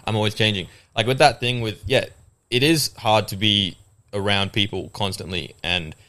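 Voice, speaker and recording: A man's voice: fairly low pitch, moderate pace, bright, forceful tone. A young man chatting casually on a podcast, rambling with lots of fillers and restarts.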